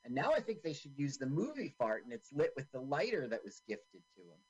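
A man's voice: medium pitch, big pitch swings, fairly quick, breathy edge, poor audio. A man co-hosting a podcast who narrates the on-screen action of a movie with sarcastic asides. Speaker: podcast co-host. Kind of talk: casual movie commentary.

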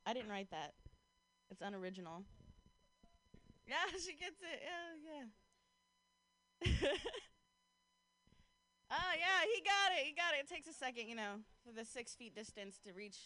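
A woman's voice: high voice, sharp tone. A woman doing a casual stand-up set outdoors on a street corner, leaning on "like" and laughing at her own jokes. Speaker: stand-up comedian. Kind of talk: stand-up set with crowd work.

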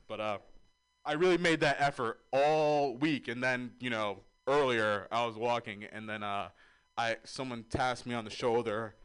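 A man's voice: mid-range voice, fairly bright tone, clean tone. A man performing a stand-up set, telling self-deprecating stories and slipping into voices. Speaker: stand-up comedian.

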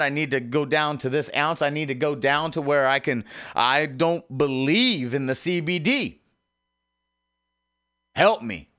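Bright, clear-voiced man ranting emotionally. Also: a little high. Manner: emotional, repetitive, swings between loud and hushed. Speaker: podcast host. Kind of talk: rambling personal monologue.

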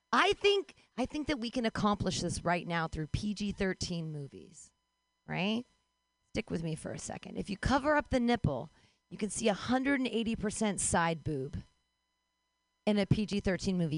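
Casting note: higher-voiced woman comic host, fast and chatty, dry close mic. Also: no room sound. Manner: quick, conversational, building absurd bits. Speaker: stand-up comedian and show host. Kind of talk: stand-up set.

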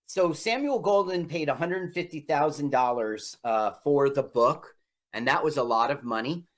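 A man's voice: a little high, moderate pace. A man co-hosting a casual chat while watching an old movie, explaining its history and now and then putting on voices for characters. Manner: lively, puts on old-timey voices for characters. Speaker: podcast co-host.

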